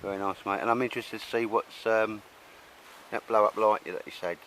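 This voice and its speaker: A man's voice: lowish voice, fairly even intonation, brisk, a bit bright, slight background noise, poor audio. A man chatting casually and rambling at a woodland camp outdoors. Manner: chatty, rambling, laughs often. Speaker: host.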